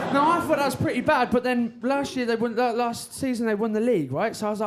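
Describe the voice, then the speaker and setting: A man's voice: very high-pitched, normal speed, pauses often, a little hiss or hum. A young man from Birmingham doing a self-mocking stand-up comedy set, telling stories and slipping into put-on voices. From Birmingham, England.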